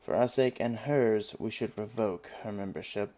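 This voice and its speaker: A man's voice: on the low side, normal speed, dark tone, natural voice. A man doing a scornful British elf archer. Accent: put-on British. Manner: cutting, contemptuous. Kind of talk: reading game dialogue aloud.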